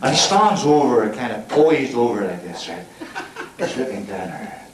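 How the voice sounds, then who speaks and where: A man's voice: mid-range voice, very animated, moderate pace, close to an everyday voice. An actor playing a cocky, crude male stand-up comic with a Belfast accent, delivering bawdy patter to a club audience in a television drama. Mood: cheeky. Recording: echoey room with loud background noise.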